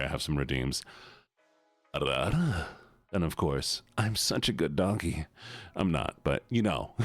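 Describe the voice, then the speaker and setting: A man's voice: low voice, no echo. A man chatting playfully and teasingly with his chat on a live stream.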